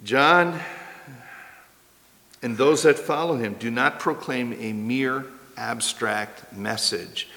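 Male pastor, expository sermon, bright forceful tone, emphatic swells, long hall reverb. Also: slow pace, gravelly. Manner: emphatic, rising to forceful peaks then dropping low.

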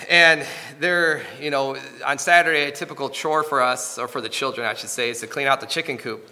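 A man in his thirties preaching a sermon, telling a family story in an earnest, halting way with frequent restarts. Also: medium pitch, pushed and bright, big-room sound.

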